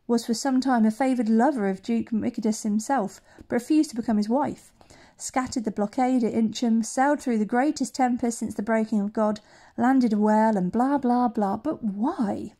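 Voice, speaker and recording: A flamboyant woman ship captain holds court, grandiose and theatrical in every line, as a woman reader puts her on. The tone stays mellow and dark. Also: on the high side, moderate pace.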